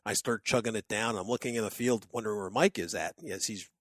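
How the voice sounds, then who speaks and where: A man's voice: fast talker, dry recording. A man co-hosting a podcast, telling a story in casual chat and acting out what people said. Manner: animated, acts out quotes with big pitch jumps. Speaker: podcast co-host.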